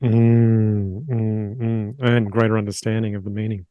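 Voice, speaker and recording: A man hosting a podcast interview, soft-spoken and affirming. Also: fairly low pitch, flat delivery, a little slow, clean tone, dry recording, phone-quality sound. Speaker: podcast host.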